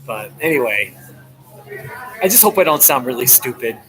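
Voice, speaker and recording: His voice is mid-range and animated, moving at a moderate pace over background music as this vlogger, an American man from the NJ–NY area, rambles chattily and laughs a lot. He's live-streaming from a coffee shop through a laptop he holds up, and the recording is rough.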